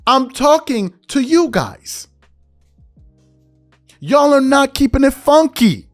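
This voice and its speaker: A man's voice: very high-pitched, fairly bright tone. A man hosting a podcast, delivering a heated commentary monologue, calling out his listeners with rhetorical questions and mocking how they talk. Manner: mocks others by mimicking their speech. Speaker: podcast host.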